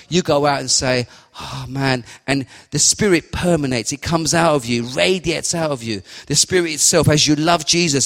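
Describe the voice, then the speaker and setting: A man's voice: fairly high pitch, fairly bright tone. A man giving a fervent, repetitive sermon and spoken prayer. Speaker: lay preacher. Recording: long hall reverb.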